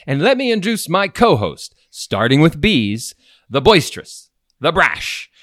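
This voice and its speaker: A man's voice: a little high, very animated, a little slow, fairly bright tone. A man hosting an advice podcast in easygoing, jokey casual chat, chuckling along. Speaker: podcast host.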